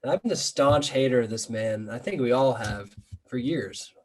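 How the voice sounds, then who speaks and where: A man's voice: medium pitch, moderate pace, low-quality recording. Exasperated ranting man podcaster. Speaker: podcast co-host. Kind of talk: casual sports chat.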